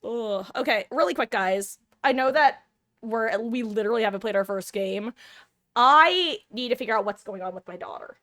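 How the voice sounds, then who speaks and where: A woman's voice: on the high side, expressive, normal speed, a bit bright. A young woman streaming live, chatting casually and self-deprecatingly with her viewers.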